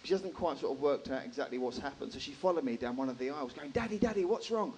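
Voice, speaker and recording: A man doing a stand-up comedy set in a live room, animated, swearing freely and acting out characters. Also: medium pitch, fast talker, slight background noise, rough recording.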